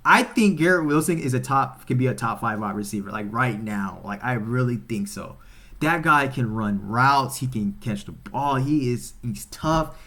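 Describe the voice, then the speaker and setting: A man's voice: mid-range voice, expressive, moderate pace. Fired-up man ranting about football. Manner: heated, profane, repeats himself, swings from muttering to shouting. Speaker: football channel host. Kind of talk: unscripted sports rant to camera.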